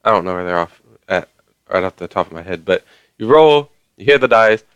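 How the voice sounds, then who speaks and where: A man's voice: sits low, animated, fairly quick, a bit bright, smooth, no room sound. A man ranting casually to his viewers, rambling along with lots of fillers and mild swearing. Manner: conversational, many fillers. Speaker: vlogger. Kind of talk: casual rant to camera.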